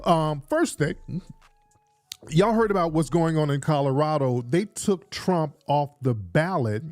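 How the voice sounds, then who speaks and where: A man's voice: on the high side, animated, measured pace, a little mellow, no room sound. A man hosting a casual livestream, chatty and hyping, often repeating his phrases, recorded indoors on a studio mic. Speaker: show host. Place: indoors in Los Angeles.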